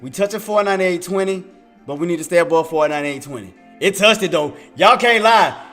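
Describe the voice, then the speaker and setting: High-voiced man laughing through trading commentary. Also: brisk, a bit bright, faint music behind. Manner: playful, laughs often; repetitive, hypes himself up. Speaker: day trader streamer.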